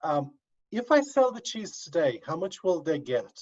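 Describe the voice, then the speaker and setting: A male university professor teaches an online class, coaxing students along step by step over a video call. His voice is fairly high and sing-song with a darkish tone, at a moderate pace, and the call audio is dull and lo-fi.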